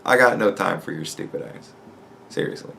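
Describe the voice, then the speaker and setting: A podcast host delivering a profane, sarcastic rant in an exasperated tone. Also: male voice, deep voice, expressive, normal speed, creaky, pushed and bright, a little hiss or hum. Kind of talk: ranting commentary.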